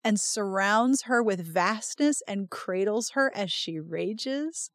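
A woman's voice: mid-range voice, slow, no echo, clean studio sound. A woman hosting a podcast, recapping a romance novel in casual chat and reading passages aloud with dramatic flair. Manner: animated, dramatic read-alouds with laughs. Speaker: podcast host.

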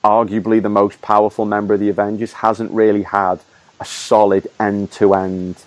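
A man's voice: lowish voice, little pitch movement, moderate pace, no room sound. A man chatting casually about films in a wry, informative way. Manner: wry, dry-humoured, informative. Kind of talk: casual film chat.

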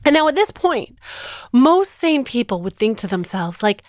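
Woman podcast host in her thirties, bright high voice, dry close sound, emphatic storyteller. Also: very animated, moderate pace, no echo. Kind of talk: animated storytelling.

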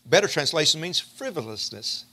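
A man preaching a sermon in a folksy, animated way, calling on his congregation to respond. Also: fairly high pitch, moderate pace.

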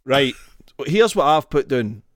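Lively, rambling Scottish man. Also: mid-range voice, unhurried, dry recording, studio quality. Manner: rambling and sweary, with restarts. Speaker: podcast co-host. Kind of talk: casual chat.

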